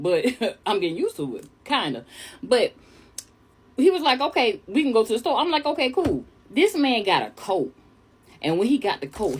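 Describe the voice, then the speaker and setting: Husky, animated woman from New York. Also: mid-range voice. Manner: chatty, animated, calls listeners honey. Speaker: storyteller vlogger. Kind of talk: casual storytime monologue.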